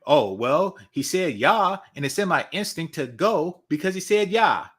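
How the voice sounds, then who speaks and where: A man voicing a dim-witted male cow who mindlessly follows orders, in a slow, simple-minded and self-justifying way. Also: a little high, sing-song, fairly bright tone, full character voice. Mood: dopey.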